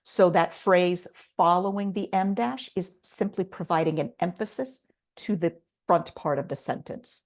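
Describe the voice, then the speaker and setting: A middle-aged woman with a slightly low voice walks through a writing lesson. She explains patiently and step by step, with an "um" here and there. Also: unhurried, hardly any pauses. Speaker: writing instructor. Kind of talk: recorded online lesson.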